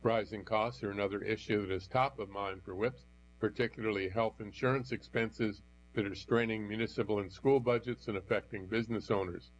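A man with a fairly low voice reads news articles aloud, keeping a steady, even delivery. The recording is dull and lo-fi. A faint mains hum runs underneath. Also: fairly quick. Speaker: news reader.

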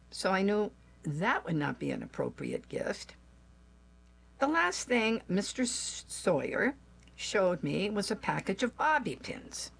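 A woman, likely older, telling a personal family story aloud in a slow, gentle, measured way. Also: lowish voice, vocal fry, slightly rough.

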